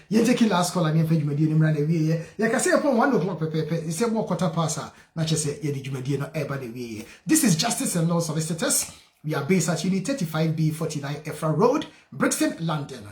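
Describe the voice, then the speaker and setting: A high-pitched Ghanaian man hosts a call-in radio show, chatting in a lively way and switching between Twi and English. His voice rings out in an echoey studio. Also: a little fast. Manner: lively, switches languages, reads out names with a singsong refrain. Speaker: radio show host, solicitor.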